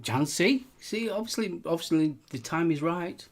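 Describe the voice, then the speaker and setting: A woman co-hosting a casual live chat, chiming in with short, warm remarks. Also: on the low side, lively intonation, moderate pace. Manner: warm, brief interjections.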